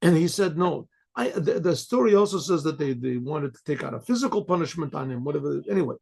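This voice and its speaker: An older rabbi tells a story in a gravelly, slightly husky voice that sits a little high. He clears his throat often and slips into the voices of the people in the tale. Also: expressive, fast, a little mellow. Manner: frequent throat clearing, acts out quoted voices. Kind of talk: storytelling talk.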